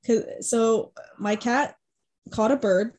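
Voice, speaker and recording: A podcast co-host, a young woman with a fairly high voice, speaks slowly in casual chat over crowd noise. She tells a family story with many fillers, acting out what her relatives said.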